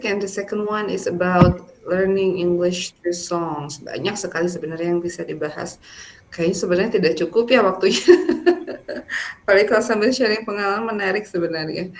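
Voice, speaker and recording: A woman's voice: medium pitch, low-quality recording. Woman moderating an event. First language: Indonesian. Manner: formal closing remarks, switches into quick Indonesian asides.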